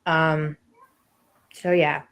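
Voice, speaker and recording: A woman speaking reflectively and haltingly in a video clip, with many fillers. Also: sits low, little pitch movement, fairly bright tone.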